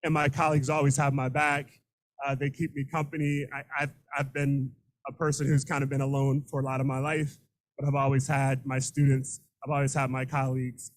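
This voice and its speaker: A middle-aged man, a teacher, giving an unscripted, emotional acceptance speech into a handheld microphone, halting and repeating words. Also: mid-range voice, monotone, poor audio. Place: room full of students and colleagues.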